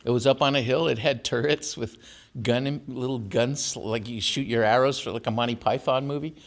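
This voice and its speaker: A man's voice: medium pitch, fairly even intonation, moderate pace. An older man from Tijuana and San Diego giving a talk as an author, telling wry family stories and laughing at his own jokes in a campus auditorium. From born in Tijuana, raised in San Diego. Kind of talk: storytelling lecture.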